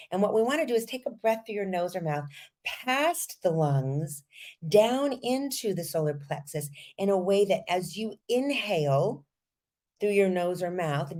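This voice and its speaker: A woman voice coach leading a podcast lesson, energetic and guiding listeners step by step through breathing exercises. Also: fairly low pitch.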